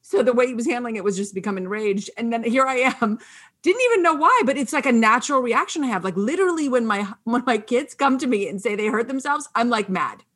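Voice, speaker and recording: A woman hosting a casual chat, animated and peppering her talk with "like.". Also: on the high side, quick pace, few pauses. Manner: animated, many "like" fillers.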